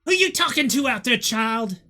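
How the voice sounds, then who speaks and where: A woman's voice: high voice, sing-song, unhurried, fairly bright tone, pitched above the performer's own voice, full character voice. A woman voicing a stern older woman who scolds a child from inside a hut. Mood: scolding. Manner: scolding, calling out.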